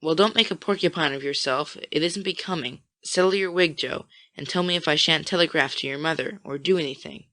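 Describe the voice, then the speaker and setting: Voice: medium pitch, a little fast, hardly any pauses, pushed and bright, dry recording, close to an everyday voice. A reader voicing a teasing young man.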